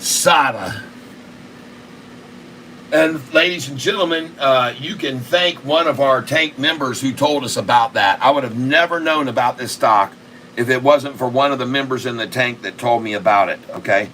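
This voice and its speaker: A man hosting a live day-trading stream, excitable and repetitive, cracking crude jokes and bursting out loudly. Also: medium pitch, moderate pace, a little hiss or hum. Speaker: day-trading livestream host.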